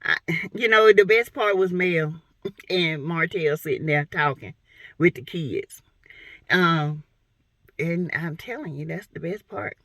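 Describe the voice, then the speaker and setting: A woman's voice: on the low side, slow pace, fairly bright tone, no echo. A woman from South Carolina giving blunt, sassy gossip commentary on reality TV. She talks to her viewers in a playful, exclamatory way.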